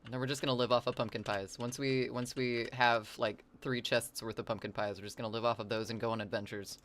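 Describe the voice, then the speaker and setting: Gaming on a live stream, a rambling, talkative streamer reads out chat and replies, throwing in silly asides and playful wordplay. The medium-pitched, fairly bright voice moves at a quick pace with a flat delivery.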